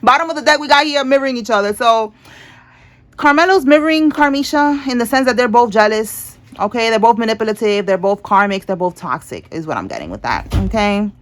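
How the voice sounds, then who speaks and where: A woman's voice: on the high side, fairly bright tone. A woman giving a casual tarot reading, chatty and blunt, laughing often and using street slang. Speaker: tarot reader.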